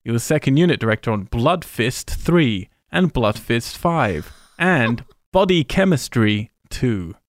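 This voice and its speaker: A man's voice: mid-range voice, sing-song, a little slow, hardly any pauses, no echo. A British man with a London accent, chatting on a podcast and reeling off film credits with dry laughs. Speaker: podcast co-host. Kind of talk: casual chat.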